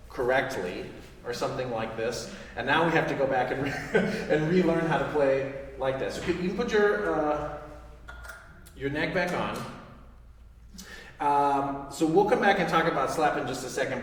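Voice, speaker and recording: A man teaching a saxophone master class. He quizzes the student in an encouraging way and sings articulation syllables to demonstrate them. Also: medium pitch. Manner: encouraging, asks the student questions. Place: recital hall with audience. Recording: distant, echoey hall recording, faint noise.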